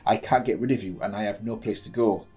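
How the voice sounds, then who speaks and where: A man's voice: lowish voice, quick pace, warm tone, close to an everyday voice. A man voicing a shy, anxious young girl mage, speaking meekly and pleading, read aloud. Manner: meek, pleading.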